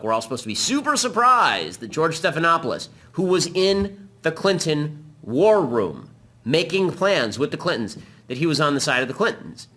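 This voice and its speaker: Combative fast-talking male show host. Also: on the high side, sharp tone. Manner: combative, rapid-fire argument. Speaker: political talk show host. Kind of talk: political commentary monologue.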